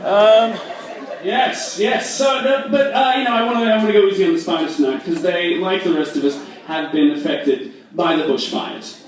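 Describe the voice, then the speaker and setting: A young man from Australia with a mixed Australian and American accent, doing a self-deprecating stand-up set with quick asides and audience banter. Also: high voice. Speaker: stand-up comedian. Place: large echoey hall at a fundraiser. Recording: echoey hall from far off.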